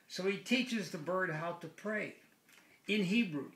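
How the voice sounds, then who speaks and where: Guy telling a joke slow and easy, bright voice, echoey room. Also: sits high. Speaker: joke teller.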